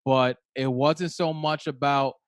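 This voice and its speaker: A man's voice: mid-range voice, fairly even intonation, measured pace, clear, resonant tone, dry recording, studio quality. A man hosting a podcast, chatting casually and reflectively with his guest, giving many short affirmations. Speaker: podcast host. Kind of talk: casual interview chat.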